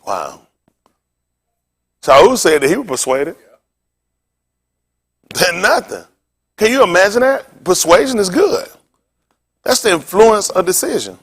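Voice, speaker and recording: A male pastor preaching a sermon in animated, informal street talk, throwing questions back to the congregation. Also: high-pitched.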